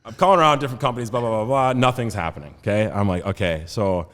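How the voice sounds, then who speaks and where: A man in his thirties, a podcast guest, telling a story in a casual, animated way with lots of laughs and fillers. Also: medium pitch, racing. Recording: roomy studio reverb.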